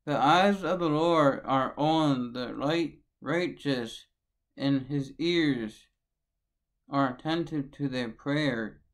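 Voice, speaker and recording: On a poorly recorded devotional video, a man with a medium-pitched voice speaks slowly and chants his catchphrase again and again in a sing-song way. After that repetitive intro he reads scripture and offers blessings earnestly, like a preacher.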